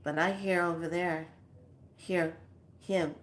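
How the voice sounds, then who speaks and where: Animated woman telling a story. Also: medium pitch, a little slow. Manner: animated, slangy, acts out voices. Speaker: spiritual teacher. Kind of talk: casual storytelling.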